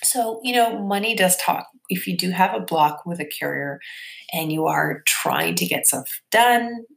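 A woman's voice: on the low side, big pitch swings, unhurried, creaky. A woman hosting a podcast, explaining things in a chatty, casual way with many fillers and asides. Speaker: podcast host.

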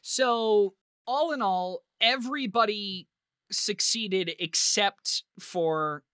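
A man's voice: high-pitched, slow pace, pushed and bright, smooth, no echo. A man narrating as game master in a tabletop game, talking casually and rambling with lots of filler. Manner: casual, rambling, full of "like" and laughter.

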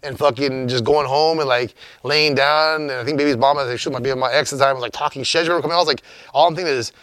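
A man's voice: mid-range voice, fairly even intonation, very fast, a bit bright, no room sound. A man telling a story as an interview guest, in a rambling, profane, laid-back way.

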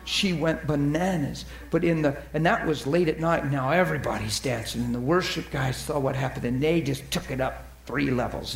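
A man telling ministry stories in a sermon, acting out the people he quotes and dropping to a soft near-whisper at tender moments. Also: fairly high pitch, creaky, roomy sound. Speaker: preacher. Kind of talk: storytelling sermon.

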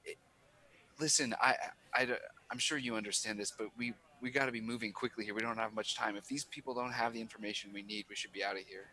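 A man's voice: on the low side, fairly even intonation, pushed and bright, poor audio. A man voicing an uneasy male alien crewman who stammers and presses the others to hurry. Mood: urgent, hushed. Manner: halting, stammering.

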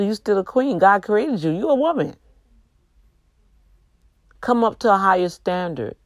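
A woman's voice: low-pitched, no echo. Tired woman preaching on a livestream. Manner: exhorting, slow emphatic repeats. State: tired, yawning. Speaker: livestream host giving faith talk. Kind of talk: preachy casual livestream talk.

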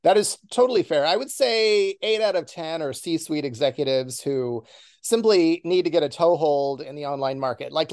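A man's voice: a little high, a little mellow, dry recording, clean studio sound. A middle-aged man as an interview guest, confident and wisecracking. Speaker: podcast guest. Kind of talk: casual interview chat.

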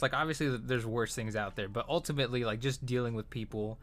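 A man's voice: medium pitch, quick pace, faint music behind. Casual male storyteller, rambling and profane, venting about work. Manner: rambling, profane, frequent fillers and restarts. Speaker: retail worker telling a story. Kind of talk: casual chat.

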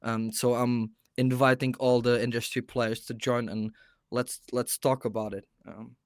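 A man's voice: mid-range voice, little pitch movement, measured pace, dry recording, clean studio sound. A male guest explaining a technical project in a hesitant way, with frequent restarts. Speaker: guest from a mining company. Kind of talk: interview answer.

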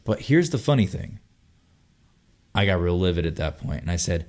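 A young man telling a long story on a casual podcast, animated and full of swearing. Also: low-pitched, moderate pace, pauses often. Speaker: podcast host.

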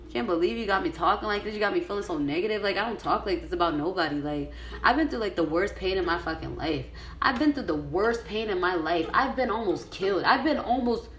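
A young woman hosting a podcast, reading an article aloud and breaking into a profane, emotional rant that climbs to furious shouting. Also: mid-range voice, echoey room. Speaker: podcast host.

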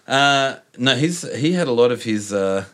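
Hosting a relaxed sports podcast, this Australian man tells lively stories punctuated by frequent laughter, speaking in a mid-range voice at a moderate pace.

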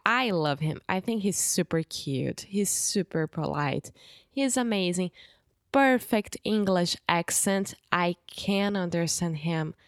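A woman's voice: on the low side, clear, resonant tone, no room sound, studio quality. A Brazilian woman with a Portuguese accent, co-hosting a casual podcast in English, enthusiastic and sometimes searching for the right word. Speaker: podcast co-host. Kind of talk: casual chat.

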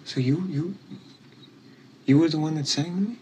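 An actor playing a grown man who stammers and fires rushed, repeated questions at his brother. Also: on the high side, dark tone, a little hiss or hum, close to an everyday voice. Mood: urgent.

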